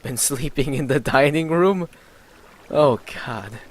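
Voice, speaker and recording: A man's voice: medium pitch, slow. A young man casually narrating an online roleplay session, reading the chat aloud with hesitant fillers. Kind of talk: casual let's play narration.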